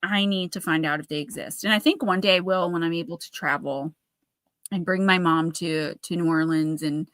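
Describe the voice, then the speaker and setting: Woman host, live storyteller; animated, bright tone, plays the quoted characters. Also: fairly low pitch, moderate pace, no echo, studio quality. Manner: animated, acts out quoted voices while retelling a story. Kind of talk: casual storytelling on a live show.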